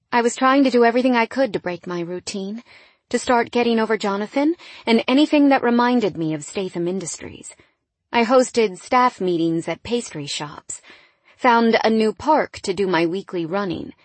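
A woman narrating a first-person romance audiobook in an intimate, wistful way that often drops quiet. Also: medium pitch, dry recording.

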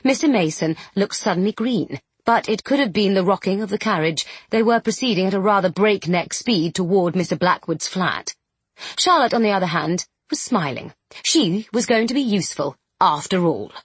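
Audiobook narrator, woman, husky tone, dry close sound, measured read. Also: mid-range voice, dry recording. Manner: measured, expressive reading. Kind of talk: scripted narration.

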